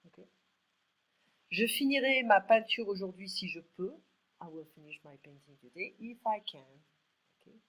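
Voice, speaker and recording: Over a roughly recorded video call, a French tutor with a medium-pitched voice teaches one student. A native French speaker with a French accent, she says verb forms aloud for drilling and explains them in English.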